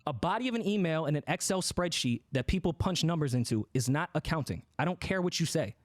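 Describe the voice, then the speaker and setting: A man's voice: on the high side, expressive, fast talker, no echo, clean studio sound. A man co-hosting a podcast, talking candidly and bluntly, with profanity, as he explains his side of a dispute. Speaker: podcast co-host.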